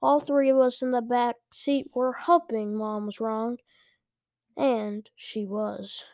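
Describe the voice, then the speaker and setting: Brief: woman reading a kids' book aloud, unhurried, slightly high, dry recording. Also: little pitch movement, darkish tone, dry recording. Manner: careful, with small restarts. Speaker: story reader.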